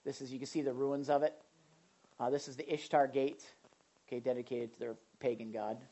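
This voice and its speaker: Brief: energetic pastor mid-sermon, mid-range voice, repeats for emphasis. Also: mid-range voice, brisk. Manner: animated, repetitive emphasis with restarts. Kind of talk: sermon with Bible reading.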